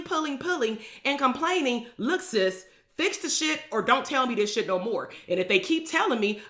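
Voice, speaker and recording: Blunt, emphatic woman coach, bright voice. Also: a little high. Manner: blunt, emphatic, swears freely. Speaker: business coach. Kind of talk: live stream talk.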